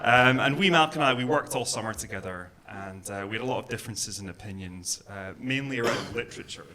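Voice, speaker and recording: A Glasgow man with a mild Glaswegian accent does a stand-up set in a comedy club, his fairly low voice moving a little fast over background noise. Chatty and self-deprecating, he fills his talk with ums and uhs, and the live recording catches the audience laughing.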